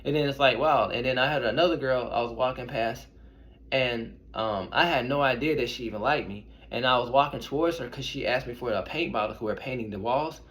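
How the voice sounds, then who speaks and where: A young man tells personal stories straight to his viewers in a relaxed, rambling way. He circles back, restarts sentences and calls his audience y'all. His voice sits in an ordinary middle pitch for a man. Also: a little fast. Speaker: intuitive reader and medium. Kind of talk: casual storytelling to camera.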